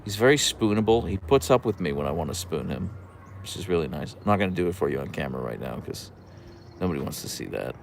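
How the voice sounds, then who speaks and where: A man's voice: a bass voice, very animated, fast talker, creaky, slight background noise. A man hosting a casual livestream from an outdoor deck, chatting and answering viewer comments into a camera on a tripod. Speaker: livestream host.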